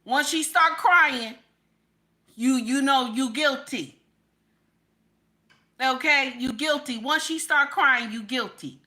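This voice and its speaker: A woman's voice: high voice, takes it slowly, long pauses, bright, forceful tone. A middle-aged woman giving casual, emphatic reaction commentary, repeating her points in a preachy way.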